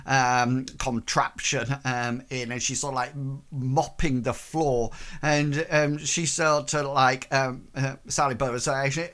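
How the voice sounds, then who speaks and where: Male game master, slow and halting, lots of fillers, mid pitch. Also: fairly even intonation, fairly bright tone. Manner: hesitant, full of ums and likes. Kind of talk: narrating a tabletop game.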